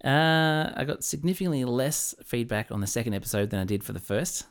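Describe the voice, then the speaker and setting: Deadpan joking podcast co-host man. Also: medium pitch, a little fast. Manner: dry, deadpan humor. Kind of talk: casual podcast banter.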